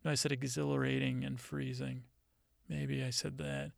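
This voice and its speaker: A man telling a meandering personal anecdote, halting and restarting his sentences as he goes. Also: medium pitch, flat delivery, vocal fry, no echo, studio quality. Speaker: storyteller.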